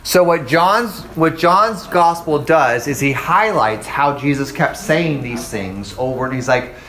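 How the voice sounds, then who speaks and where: A middle-aged man casually teaching a Bible study, animated and acting out quoted voices. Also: fairly high pitch, unhurried, low-quality recording.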